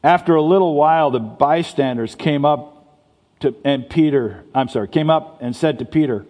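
Pastor guy preaching, chatty, trips over his words, mellow and roomy. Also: fairly high pitch, normal speed. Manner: conversational preaching with stammered restarts. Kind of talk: sermon. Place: church sanctuary. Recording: long reverb of a church hall.

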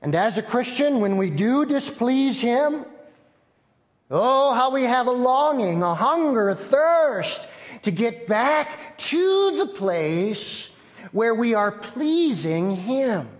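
A man with a high voice preaches a sermon at a slow, deliberate pace. His earnest storytelling rings out with long reverb, as if in a large church sanctuary. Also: very animated. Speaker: pastor.

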